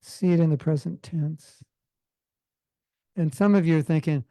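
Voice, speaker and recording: A Californian man teaches a devotional class in an easygoing, conversational way, dropping joking asides. His voice sits a little high but sounds dark and mellow, with a rough, gravelly texture. The sound is dry and close, with little room echo. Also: unhurried, long pauses. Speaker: spiritual teacher.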